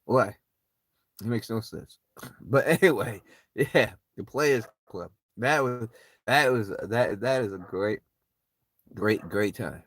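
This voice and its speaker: A man's voice: lowish voice, slow pace, pauses often, no room sound. A man hosting his own channel, chatting casually and rambling, often laughing and repeating himself. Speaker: channel host. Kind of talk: casual live chat. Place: at home by an open window.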